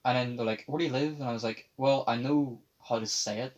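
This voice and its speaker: The recording is muffled, with faint background noise, as a young man hosting a casual podcast talks fast in a medium-pitched, fairly even voice. He rambles, swears a lot and mimics the people he quotes.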